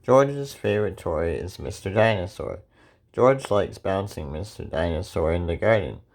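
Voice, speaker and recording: A man reading a children's picture book aloud in a slow, clear storytelling way. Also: sits low, darkish tone. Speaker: reader.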